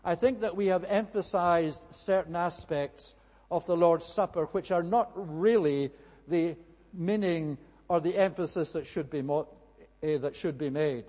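High-voiced man preaching in an echoing hall. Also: measured pace, darkish tone. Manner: earnest, emphatic preaching with frequent "eh" fillers. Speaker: minister. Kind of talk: sermon. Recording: long reverb of a large hall.

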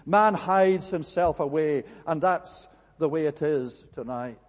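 A man delivers a sermon with slow, deliberate phrasing and emphatic repetition. His voice sits slightly high for a man. It rings out with a long reverb from the church hall around him. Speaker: preacher.

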